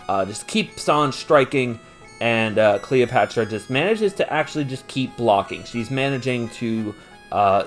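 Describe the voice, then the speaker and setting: A man hosting a podcast, recapping an anime episode in a loose, chatty way, with lots of "uh" fillers, laughs and the odd swear word, and getting animated when he gives his opinions. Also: mid-range voice.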